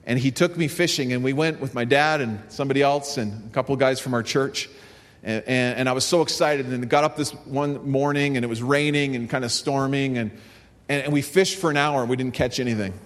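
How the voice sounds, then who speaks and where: A man's voice: medium pitch, fairly even intonation, brisk. A man pastor delivering a sermon, telling a story and then rising to fervent emphasis. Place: church sanctuary. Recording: long reverb of a large hall.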